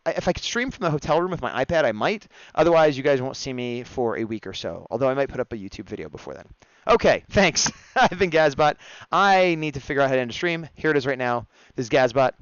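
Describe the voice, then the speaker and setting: A man narrates his sketch on a live stream, casual and playful and quick to laugh. His voice is smooth and mid-pitched, recorded close and dry, a little muffled. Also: expressive, no room sound. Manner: playful and chatty, laughs at his own jokes.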